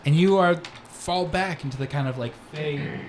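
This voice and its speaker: A man's voice: a little high, moderate pace. A man narrating as game master, rambling with many "like"s and "kind of"s. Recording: echoey room with background noise.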